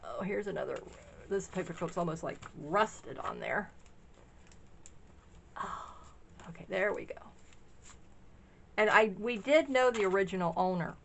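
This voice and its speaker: A middle-aged woman chatting casually in a vlog, gushing and rambling excitedly as she shows off vintage craft finds. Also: mid-range voice, unhurried, gravelly, pauses often, slight background noise. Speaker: craft shop owner sharing a haul.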